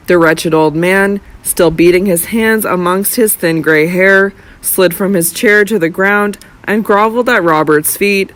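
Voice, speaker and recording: An audiobook narrator reading a classic novel in a slow, measured, dramatic way. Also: medium pitch, fairly bright tone.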